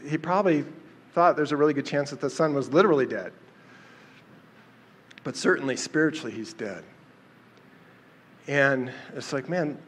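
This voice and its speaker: A man with a somewhat high-pitched voice gives a casual Bible study talk. He talks conversationally, often pausing with fillers and restarting his sentences as he explains the passage. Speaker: Bible teacher.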